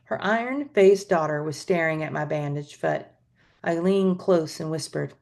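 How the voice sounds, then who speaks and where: A woman's voice: deep voice, a little slow, gravelly. Woman teacher reading a novel aloud. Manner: expressive storytelling, adds asides.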